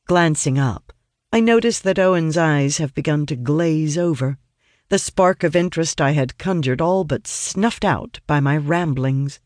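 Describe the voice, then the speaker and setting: Audiobook narrator, first-person fantasy, earnest, studious, middling pitch, dry close sound. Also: unhurried, no echo. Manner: earnest and studious, animated in dialogue.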